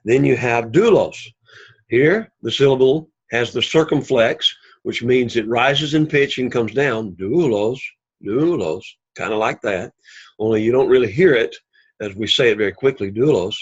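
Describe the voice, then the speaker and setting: A man teaching a Greek class, explaining slowly and patiently and repeating key words for emphasis. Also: medium pitch, slightly rough, highs cut off. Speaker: Greek instructor. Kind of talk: recorded class lecture.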